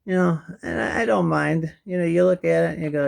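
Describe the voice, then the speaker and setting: A middle-aged man with missing teeth and a deeply gravelly, rough-edged voice pitched a little high for a man. He rambles to camera from a kitchen chair in a loose home vlog, drifting between chatty asides and low mumbles. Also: fairly quick. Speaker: vlogger. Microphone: camera in front of him.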